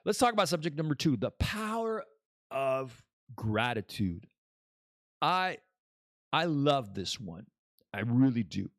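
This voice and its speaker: A man's voice: medium pitch, big pitch swings, takes it slowly, long pauses, dry recording, studio quality. A man hosting a podcast as a casual live stream, rambling and joking as he chats. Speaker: podcast host.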